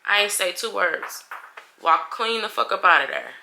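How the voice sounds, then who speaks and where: Woman vlogger, young adult, very bright sharp voice, animated, blunt and profane storytime. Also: medium pitch, moderate pace, gravelly. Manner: animated, profane, acts out everyone's lines. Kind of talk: casual storytime retelling.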